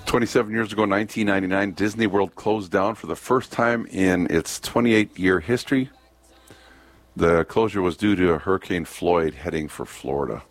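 A man's voice: low voice, moderate pace, dry recording, faint music behind. A man hosting a radio show, chatting casually through the day's trivia and often losing his place with ums and uhs. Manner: rambling, loses his place, fills gaps with um and uh. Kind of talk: casual on-air chat reading date trivia.

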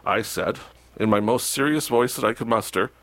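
A man speaking as a local municipal official in a casual radio interview, animated, with sarcastic asides. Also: mid-range voice, moderate pace, no room sound.

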